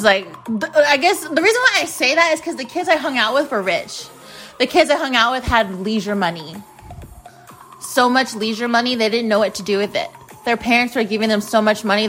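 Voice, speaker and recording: A woman's voice: medium pitch, a bit bright. A woman in her late twenties hosting her podcast, telling frank, casual stories about her freshman year and swearing freely. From United States. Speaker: podcast host. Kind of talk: casual solo storytelling.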